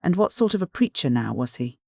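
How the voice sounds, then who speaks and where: An audiobook reader narrating a classic novel in a measured, even manner. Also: mid-range voice, vocal fry, no echo, studio quality.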